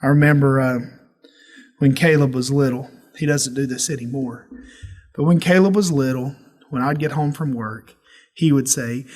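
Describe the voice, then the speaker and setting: A man leading a church Bible study, teaching in a folksy, animated storytelling way. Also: medium pitch, moderate pace. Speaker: pastor.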